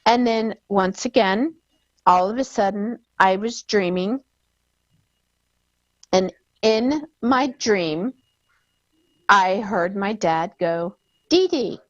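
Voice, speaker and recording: A woman guest telling a personal story, emotional and halting, often repeating her words. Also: mid-range voice, dry recording. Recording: dull lo-fi sound.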